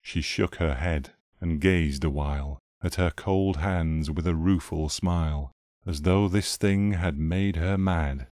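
A man recites a narrative poem in a measured, solemn way. His voice is low, and he takes his time over each line. The sound is close and dry, with no room echo. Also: a little mellow. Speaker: reader. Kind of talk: narrative poetry reading.

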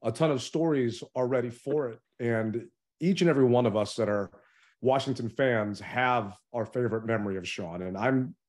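A man's voice: mid-range voice, normal speed, darkish tone. A male interview host speaks in an ordinary mid-range voice. He asks his guest questions earnestly and admits his own feelings along the way. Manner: earnest, openly emotional questioner. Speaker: show host.

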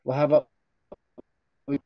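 A man's voice: normal speed, dry recording. A man hosting a playful livestream in a costume persona, joking around and reading viewer comments aloud. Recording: dull lo-fi livestream audio.

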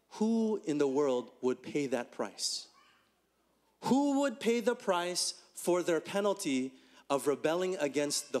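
Animated higher-voiced male preacher. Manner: animated, rhetorical questions, swings between high and low pitch. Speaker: pastor. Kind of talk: conversational sermon.

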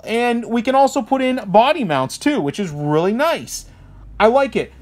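A man's voice: sits high, big pitch swings, normal speed. A man, a hobby shop owner, rambling through a casual, self-deprecating product review and often checking in with the listener. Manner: rambling, chatty, self-deprecating, keeps asking okay?.

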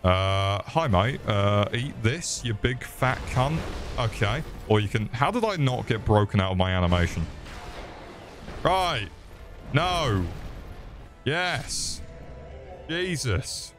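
A man's voice: on the low side, very animated, normal speed, soft background music. A young man giving sweary, jokey live commentary while playing a game, yelping when things go wrong. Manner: sweary, jokey, yelps in panic. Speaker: streamer.

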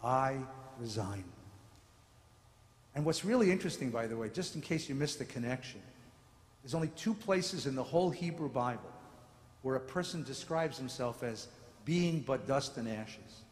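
Animated rabbi lecturing in an echoey sanctuary. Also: male voice, mid-range voice, moderate pace. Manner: theatrical, acts out voices, jokes with audience. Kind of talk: lively sermon-style lecture. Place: large synagogue sanctuary. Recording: echoey hall with long reverb.

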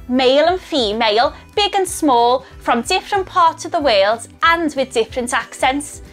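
A woman with a Scouse accent, a scientist explaining science to primary school children in a cheerful, clear way. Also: high voice, lively intonation, moderate pace, few pauses, a bit bright, soft background music. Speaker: scientist presenting a kids' science video. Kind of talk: educational talk to children.

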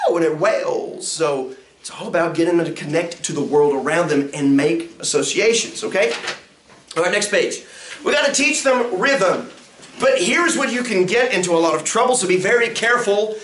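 A man, a pastor teaching a music ministry class in an animated lecture that swoops up and down in pitch. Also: moderate pace, slight background noise. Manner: acts out sounds and quotes with big pitch jumps. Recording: roomy echo.

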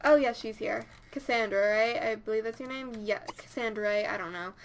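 High-voiced woman chatting over gameplay. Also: fairly quick, slight background noise. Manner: chatty, talks to her game characters; easily excited. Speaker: gameplay commentator. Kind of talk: casual let's-play commentary.

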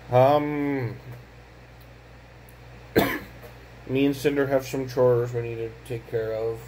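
A worn-out young father speaks in a home vlog, his pitch sitting in the middle of the range. He sounds weary and frustrated and often stumbles over repeated words. A faint hiss runs under his voice. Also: flat delivery, extremely slow, pauses often, warm tone, rough recording. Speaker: vlogger, father. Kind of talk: casual home vlog talk.

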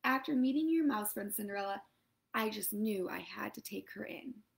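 A woman's voice: mid-range voice, animated, moderate pace, gravelly. A woman voicing a genteel, effusive grand lady in a storybook. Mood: fond.

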